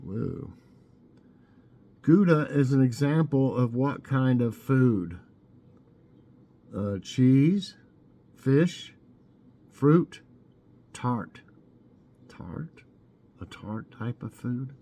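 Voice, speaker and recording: Man, mellow voice, casual trivia host, chatty, musing, drawn-out answer options. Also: mid-range voice, lively intonation. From Tennessee. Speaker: vlogger hosting trivia. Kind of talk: casual trivia quiz, reading answers aloud.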